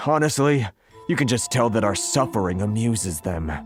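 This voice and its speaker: An actor playing an anxious foreign merchant in a video game, given to sighs. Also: male voice, on the low side, lively intonation, a little slow, soft background music. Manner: sighing, anxious. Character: worried foreign merchant, older man.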